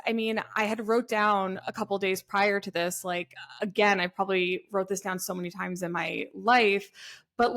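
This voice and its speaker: A woman co-hosting a podcast in casual spiritual chat, candid and rambling, who gets heated and swears when frustrated. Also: mid-range voice. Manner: talks in loose, rambling runs with many fillers. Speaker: podcast co-host.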